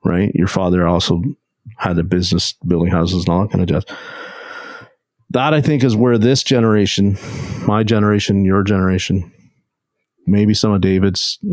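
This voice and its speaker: A man's voice: on the low side, darkish tone, no echo. A man co-hosting a podcast, explaining his view steadily and checking in with his listeners. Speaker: podcast co-host. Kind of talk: casual podcast chat.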